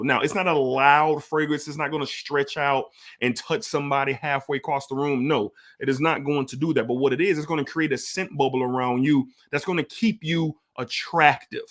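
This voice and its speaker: A man's voice: medium pitch, steady tone, normal speed, a bit bright. Enthusiastic man reviewing a fragrance. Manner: enthusiastic, emphatic, repeats points. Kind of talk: casual product review.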